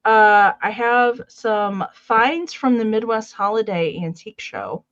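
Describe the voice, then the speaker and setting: A woman's voice: a little high, animated, slow, fairly bright tone, highs cut off. A woman co-hosting a live vintage sale in casual chat, greeting viewers by name and walking through the steps with many fillers.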